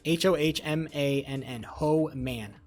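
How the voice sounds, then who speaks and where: A man's voice: fairly high pitch, measured pace, darkish tone, faint music behind. A young man chatting casually with his live-stream viewers, rambling, swearing and joking as he reads chat. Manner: rambling, profane, jokey, talks to chat.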